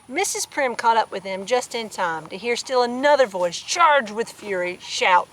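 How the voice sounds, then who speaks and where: A woman's voice: a little high, lively intonation, moderate pace, hardly any pauses, fairly bright tone, poor audio. A woman reading a children's picture book aloud outdoors on a farm, with playful asides to her animals. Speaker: storybook reader.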